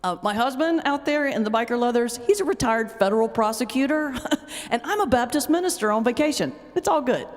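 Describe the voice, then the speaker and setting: A woman's voice: fairly high pitch, fairly quick. Laughing woman pastor in a reverberant hall. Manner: lively, laughs often while telling stories. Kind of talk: humorous lecture with storytelling. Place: lecture hall.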